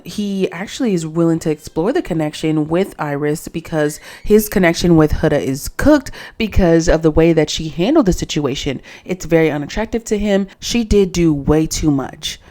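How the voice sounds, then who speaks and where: A woman with a lower-pitched, mellow, soft-edged voice speaks at normal speed as she casually recaps a reality dating show. She addresses her viewers directly, full of opinions and often exasperated.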